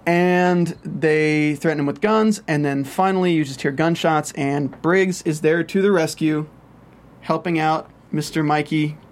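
An animated man chatting casually, recapping an episode. His voice sits a little high for a man, and he acts out moments in playful voices. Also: a little slow, hardly any pauses. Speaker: podcast host.

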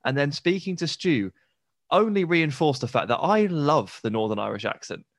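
A man's voice: fairly high pitch, lively intonation, normal speed, no echo, clean studio sound. A man co-hosting a football podcast, chatty, enthusiastic and teasing. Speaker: podcast co-host. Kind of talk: casual football podcast chat.

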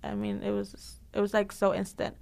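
A woman fitness instructor answering interview questions in a lively, casual way, laughing often and using lots of fillers. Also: medium pitch, normal speed, vocal fry.

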